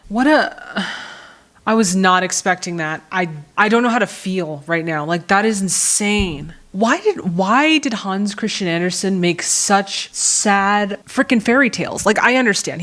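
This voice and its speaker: A woman's voice: medium pitch, a bit bright. A young woman hosting a movie reaction, talking casually and emotionally, exclaiming and rambling with lots of "like".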